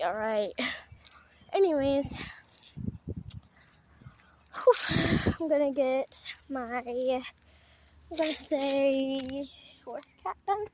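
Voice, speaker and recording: A woman, filming a casual vlog outdoors on her phone and chatting excitedly while coaxing stray cats. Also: sits high. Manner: excited, chatty, coaxing animals in a sing-song voice. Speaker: vlogger. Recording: noisy outdoor phone recording.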